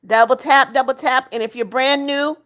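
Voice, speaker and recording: A woman's voice: high-pitched, fairly even intonation, moderate pace. A woman in her seventies hosting a livestream, reading viewers' comments aloud and greeting them by name. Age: 70s. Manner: sings happy birthday softly. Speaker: livestream host. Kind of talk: casual live-chat reading.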